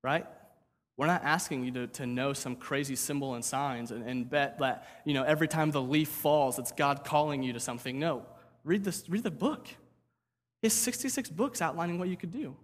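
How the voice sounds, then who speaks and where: Conversational pastor preaching in a hall. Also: male voice, fairly high pitch, normal speed. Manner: conversational, repeats words, asks "right?". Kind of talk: sermon.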